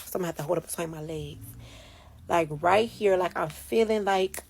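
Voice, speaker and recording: A woman's voice: on the low side, fairly quick, gravelly, darkish tone, slight background noise. A woman telling a story from her work night in a casual, profane and emphatic way, talking into a phone she holds. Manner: profane, emphatic, dramatic retelling.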